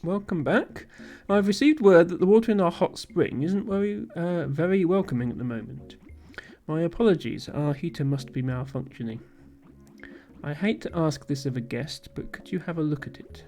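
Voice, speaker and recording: A man's voice: fairly high pitch, expressive, moderate pace, a little mellow, soft background music. A man reading a polite hotel host. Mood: courteous. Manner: reads the lines plainly, no accent.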